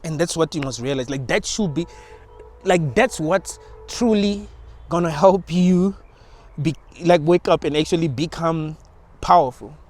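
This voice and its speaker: A man's voice: a little high, unhurried, darkish tone. A young man talking in a rambling, informal monologue about spirituality, with slang and frequent restarts. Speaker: channel host.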